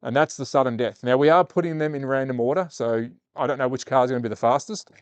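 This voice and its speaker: A man's voice: medium pitch, fast, clear, resonant tone, dry recording. A man with an Australian accent hosting a live slot car stream, chatting casually with viewers and calling the race. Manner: casual, talks to chat, turns excited calling the race. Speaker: slot car livestream host.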